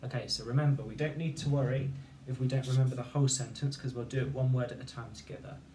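A man's voice: mid-range voice, fairly even intonation, quick pace, dark tone, slight background noise. A man teaching a phonics lesson, patiently dictating a sentence and spelling words out letter by letter. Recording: echoey room, voice from far off.

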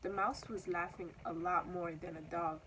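A woman's voice: on the low side, fairly even intonation, normal speed, bright, forceful tone, slight background noise, poor audio. Young woman reading a children's story. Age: teenager or young adult. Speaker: student reader.

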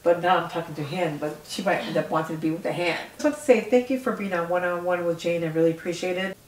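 A woman's voice: fairly low pitch, fast. A woman hosting a casual interview, chatty, asking short questions. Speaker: interview host. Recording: echoey room, distant from the mic, faint noise.

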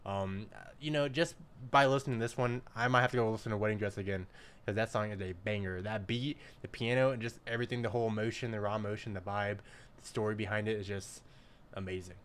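A man hosting a casual music video reaction, excitable and slangy, often bursting into hyped exclamations. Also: fairly low pitch, fast talker, clear, resonant tone. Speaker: reaction channel host. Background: faint music.

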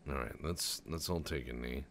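A man's voice: rumbling low, normal speed, gravelly, fairly bright tone, a little hiss or hum. A man doing rambling, profane, jokey let's-play commentary over a strategy game, tossing in goofy voices. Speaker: gaming channel host.

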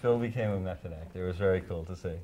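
A man's voice: sits low, very fast, dark tone, highs cut off, slight background noise. A man in his fifties being interviewed, telling anecdotes and acting out quotes in raised voices, laughing often. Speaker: songwriter interviewee.

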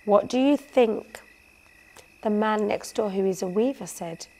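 A woman reads a bedtime story aloud at a slow, unhurried pace. Her delivery is gentle, and she pauses to put questions to her listeners. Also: medium pitch.

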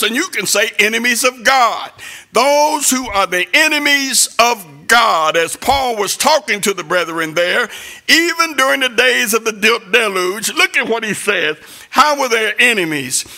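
A man preaching a sermon in a sing-song cadence that rises to shouts. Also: very high-pitched, gravelly.

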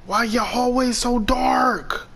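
Let's-play host, mid-range voice, slow delivery, spooked and profane, direct-to-viewer chatter. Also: medium pitch, fairly bright tone, breathy edge. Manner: jumpy, easily spooked, swears a lot, talks to viewers. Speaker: gaming channel host. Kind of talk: horror game let's-play commentary.

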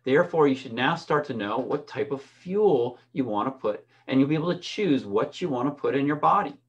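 Man, middle-aged, swim coach, casual instructional talk, average pitch, frequent restarts. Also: animated, fairly quick, lo-fi sound. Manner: conversational, restarts often and keeps asking "right?". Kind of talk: instructional talk with personal stories.

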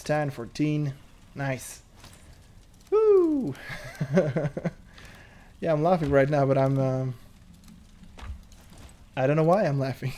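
Guy chatting thru a game, nervous little laughs, middle pitch, faint hiss behind. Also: warm tone. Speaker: gameplay commentator. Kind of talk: casual gameplay commentary.

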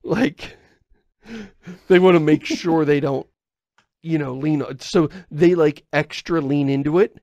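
A playful American man co-hosting a podcast, with a gravelly, fry-edged voice. The sound is close and dry, with no room around it. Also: fairly high pitch, takes it slowly, no room sound, lo-fi sound. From United States. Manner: lively, playful, loves doing character voices. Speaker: podcast co-host. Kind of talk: casual chat.

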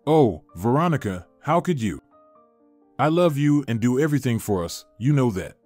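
A hurt, pleading young man betrayed by his bride-to-be, read by a male narrator. The voice is dry and close, with lively pitch and faint music underneath. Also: normal speed, no echo. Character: heartbroken young man, trusting fiancé.

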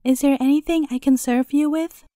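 A patient mother selling vegetables in a storybook market, plain-spoken and polite but firm, voiced by a woman narrator. Her voice is high and soft-toned, recorded dry. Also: steady tone, moderate pace, dry recording, lightly acted.

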